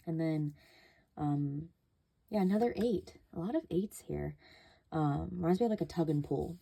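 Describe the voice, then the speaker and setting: A woman's voice: sits low, moderate pace, gravelly, warm tone. A woman giving a casual tarot reading, chatty and loose, with many fillers and casual swearing. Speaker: tarot reader.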